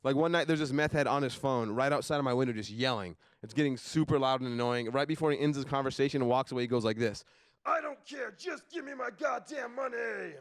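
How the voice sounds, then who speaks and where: A young man doing a stand-up comedy set on a live stage, deadpan, dropping his voice low for asides. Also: quick pace, few pauses, clean tone, dry recording.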